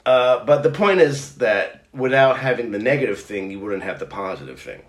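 A middle-aged podcast co-host chats casually, telling stories in a rambling, animated manner and often restarting. His pitch is medium, his speed normal, and the recording has a roomy echo.

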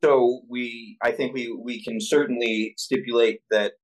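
A man co-hosting a casual podcast discussion, talking in a measured, analytical way and searching for his words. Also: medium pitch, steady tone, rough recording. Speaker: podcast co-host.

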